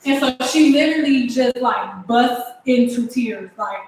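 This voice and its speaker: A woman's voice: fairly high pitch, a little slow. A young woman, a hairstylist, telling a long story in a casual vlog at home, rambling with many restarts and a lot of "like". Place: home, cooking while talking. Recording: very echoey room.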